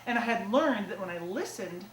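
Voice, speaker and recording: A woman telling funny stories from a small theater stage in a loose, self-mocking way, full of casual fillers. Her voice sounds set back from the mic and rings around a roomy hall, with a clear bed of audience noise behind it. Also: medium pitch, animated, a little fast, recorded from a distance. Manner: chatty, self-mocking, lots of "like" and "you know". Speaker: comedic storyteller. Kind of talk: live stand-up storytelling. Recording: echoey theater taped from afar with audience noise.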